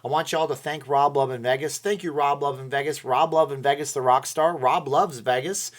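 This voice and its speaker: A man's voice: a little high, steady tone, a little fast. Chatty joking man hosting a live stream. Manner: rambling and jokey, laughs at his own jokes. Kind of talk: casual live-stream chat, reading viewer comments.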